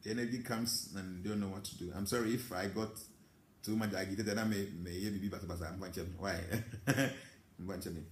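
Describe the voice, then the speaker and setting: A man's voice: lowish voice, brisk, echoey room, a little hiss or hum. A Ghanaian man with an accent, a spiritual teacher reading out viewer comments and answering them in an emphatic live talk. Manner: mixes English with Twi, animated and emphatic.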